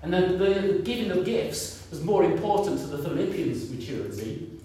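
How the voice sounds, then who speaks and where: A man's voice: a little high, big pitch swings, a little fast, dark tone, slight background noise. A man in his fifties preaching a sermon in a conversational way, repeating points and asking the congregation questions. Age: 50s. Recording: echoey room, picked up from a distance.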